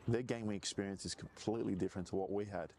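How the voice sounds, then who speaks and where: A man's voice: fairly low pitch, fairly even intonation, quick pace, darkish tone, slight background noise. A man in a casual chat, rambling through stories and laughing often.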